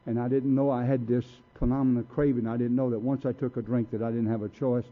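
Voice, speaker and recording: A man's voice: mid-range voice, little pitch movement, quick pace. An older man speaking at a recovery meeting, telling his own story in a blunt, folksy way. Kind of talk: personal recovery testimony. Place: meeting room. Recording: tinny lo-fi tape recording.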